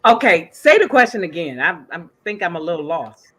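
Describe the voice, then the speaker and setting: A woman guest chats candidly on a podcast, acting out little exchanges as she goes. Her voice is bright and her pitch swoops widely. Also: fairly quick, slightly rough. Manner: animated, candid, acts out quotes. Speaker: podcast guest, business owner. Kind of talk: casual chat.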